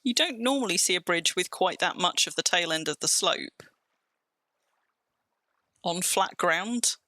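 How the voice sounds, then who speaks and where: A woman's voice: fairly low pitch, lively intonation, measured pace, bright, forceful tone, no echo. A woman with a southern English accent, chatting casually on a live stream while she plays, rambling and restarting her sentences. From England.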